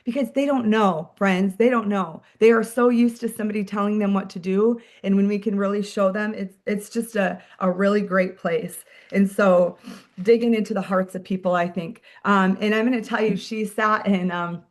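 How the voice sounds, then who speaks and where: A woman leading a team meeting as a sales director, giving an energetic, chatty motivational talk, full of "like" and "friends". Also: medium pitch, normal speed.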